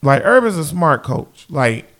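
A high-voiced young man breaks down his team's offense in a casual fan rant. He keeps circling back to the same phrases and talks directly to the people watching. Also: a little slow. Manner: animated, repeats phrases, talks straight to viewers. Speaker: sports fan commentator.

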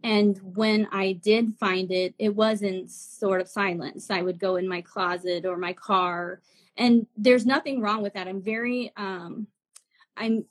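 A woman in her forties, a spiritual guide talking as a guest in a casual live chat, earnest and laughing often. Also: medium pitch. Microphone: video call.

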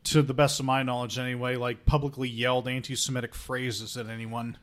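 A man's voice: mid-range voice, little pitch movement, fairly quick, a bit bright. A man co-hosting a casual movie-review chat, recapping the plot with dry joking asides and many "uh"s. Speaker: podcast co-host.

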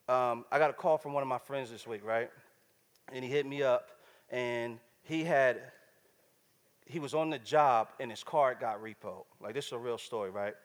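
A man's voice: mid-range voice, in a large hall. A man preaching a sermon in a casual, slangy, conversational way, often checking in with the crowd.

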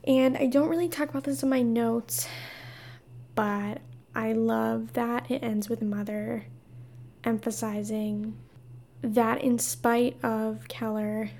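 Slow, gravelly young woman podcaster. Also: a little high, steady tone, dark tone. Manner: phrase ends trailing into a breathy whisper. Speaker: podcast host. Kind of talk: solo podcast book discussion.

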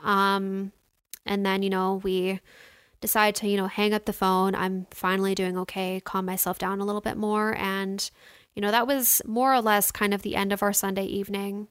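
A young woman vlogging about her week in a loose, chatty way, with lots of filler words. Her voice is smooth and clean and sounds close and dry, with no room around it. She sounds emotional, and her throat is getting a little sore. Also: medium pitch, little pitch movement, normal speed, a bit bright, dry recording. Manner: chatty, many "like" and "you know" fillers. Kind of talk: casual storytelling to viewers.

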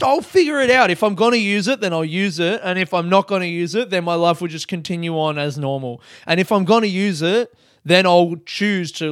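A man's voice: fairly high pitch, smooth, dry recording, clean studio sound. A young man hosting a solo podcast, rambling casually, swearing and laughing at himself. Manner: casual, swearing, laughing asides, self-mocking. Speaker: podcast host. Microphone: close podcast mic.

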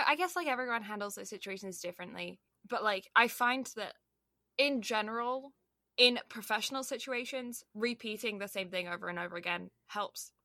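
This podcast co-host, a young Canadian woman, has a creaky, bright, forceful mid-range voice. She chats casually and rambles, filling her speech with "like" and "um." It's a studio-quality recording with no room sound.

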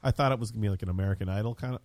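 A man's voice: fairly low pitch, very fast, a little mellow, no echo. A man co-hosting a casual podcast chat, throwing in short dry quips. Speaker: podcast co-host.

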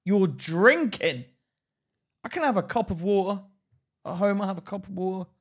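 A man's voice: high-pitched, expressive, normal speed, husky. A man co-hosting a casual podcast chat, teasing his friend and mimicking voices in his stories. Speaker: podcast co-host.

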